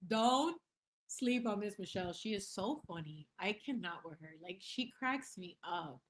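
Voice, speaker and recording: A woman hosting a casual livestream chat with her viewers. She talks in a lively, slangy way, slipping Spanish phrases into her English, and her voice sits in an ordinary middle pitch. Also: moderate pace, slight background noise. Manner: laughs often and reads chat aloud. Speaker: livestream host.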